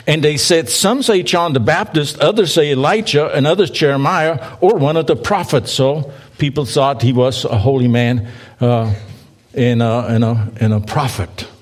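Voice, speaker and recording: A man's voice: mid-range voice, moderate pace, few pauses. A man preacher giving a conversational sermon in church, reading scripture aloud and inviting the congregation to read along, with playful asides to the listeners. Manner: reads scripture aloud and asks the congregation to join in.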